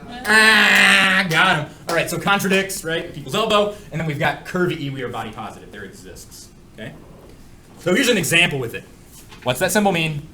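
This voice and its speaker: A man teaching a math class, cracking jokes and asking his students questions as he goes. His voice is bright and lively, with lots of movement in pitch. The room sounds echoey and classroom-like, with a faint ambience behind him. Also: a little fast, slight background noise. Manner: jokey and playful, asks the class many questions. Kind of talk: classroom lecture.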